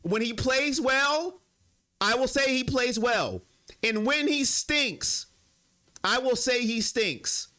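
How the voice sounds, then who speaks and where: Excitable high-voiced male sports streamer. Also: slow. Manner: emotional, talks straight to his chat. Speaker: sports live-stream host. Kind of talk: casual live-stream chat.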